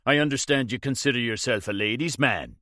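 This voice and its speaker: A man reading an audiobook, voicing a cool, menacing gunman hero who threatens calmly and mockingly. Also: mid-range voice, a little fast, dry recording, studio quality, close to an everyday voice.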